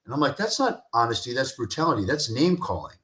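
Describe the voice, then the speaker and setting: A man's voice: medium pitch, very animated, quick pace, a bit bright. Male guest expert, passionate and emphatic, roomy echo. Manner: passionate, repeats key phrases for emphasis. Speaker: guest, communication expert and speaker. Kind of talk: animated interview talk with acted-out anecdotes. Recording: echoey room.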